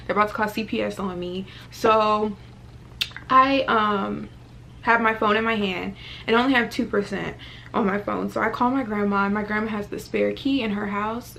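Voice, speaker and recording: A woman in her twenties telling a casual storytime vlog, animated and full of fillers. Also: mid-range voice, creaky, a little hiss or hum. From Virginia, US. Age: 20s. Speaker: vlogger.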